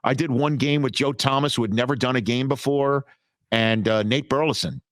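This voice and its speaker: Male broadcaster, interview guest, mid-range voice, animated storyteller, dry close mic. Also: medium pitch, normal speed, no room sound. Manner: animated storyteller with many restarts. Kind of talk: casual interview talk.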